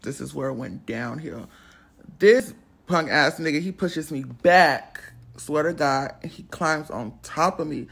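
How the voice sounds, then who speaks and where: A woman telling a storytime, blunt, profane and animated. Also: low-pitched, measured pace. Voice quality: gravelly and husky. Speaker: storytime vlogger. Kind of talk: casual storytelling.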